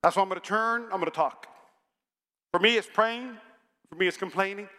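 A man preaching a sermon in a church, energetic and humorous, rising now and then to shouts. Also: high voice, brisk. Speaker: pastor. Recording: long hall reverb.

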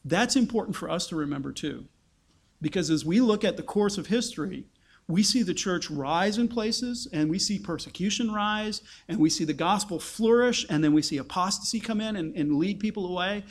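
Guy teaching a bible sermon, chatty, lots of rhetorical questions, high voice. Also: lively intonation, normal speed. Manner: conversational, asks rhetorical questions. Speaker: preacher.

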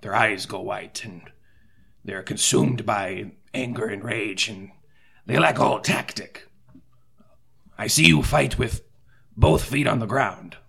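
A man playing an earnest cleric at a tabletop game, soft-spoken and measured, with pauses. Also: fairly low pitch, vocal fry, breathy edge. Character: earnest male cleric recruiter. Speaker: player voicing a cleric. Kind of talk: tabletop role-play in character.

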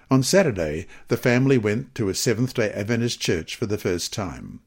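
Man reading scripture with lively expression. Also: fairly low pitch, moderate pace, gravelly, hardly any pauses, slightly rough. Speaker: devotional reader. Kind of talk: reading scripture and a mission story aloud.

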